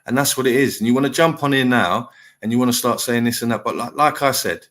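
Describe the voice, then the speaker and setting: A man's voice: medium pitch, quick pace, a bit bright. A middle-aged man hosting a live stream panel, talking bluntly and lecturing in a heated chat.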